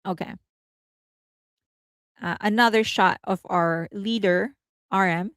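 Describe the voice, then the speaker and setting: A woman hosting a casual entertainment news livestream, chatty and rambling, laughing often and thinking out loud. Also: mid-range voice, takes it slowly, no echo.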